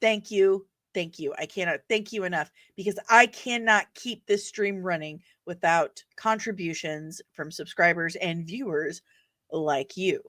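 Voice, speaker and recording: A woman hosting a casual live stream, chatting playfully with sudden bursts of loud energy. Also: fairly low pitch, a little slow, dry recording, clean studio sound.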